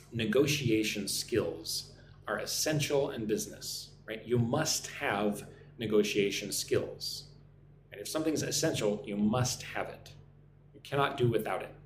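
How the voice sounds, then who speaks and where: An American man teaching English on a live stream, speaking slowly and repeating phrases for learners to copy. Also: lowish voice, reverberant, a little hiss or hum. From United States. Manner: slow, careful, repeats phrases for learners to shadow.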